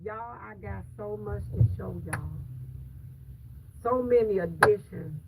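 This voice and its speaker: A woman's voice: medium pitch, slow. A woman vlogger talking casually to her viewers about faith. She speaks in an emphatic, preachy way and repeats phrases for stress. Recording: distant mic with loud background noise.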